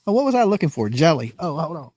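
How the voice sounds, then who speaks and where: A man's voice: fairly high pitch, sing-song, fast, darkish tone. A man hosting a casual livestream, joking, rambling and laughing often. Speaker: livestream host commenting on a trial.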